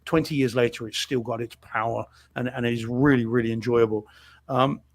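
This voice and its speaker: A man's voice: medium pitch, fairly even intonation, brisk. A man co-hosting a home theater show, chatting casually about a film with lots of fillers and restarts. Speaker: podcast co-host reviewing films. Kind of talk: casual chat.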